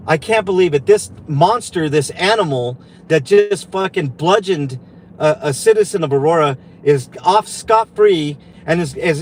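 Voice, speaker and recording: Driving his car, a furious man swears and rants on a livestream in a voice that's high for a man. He's worked up and heavily sarcastic, with faint road noise humming beneath him. The recording is rough.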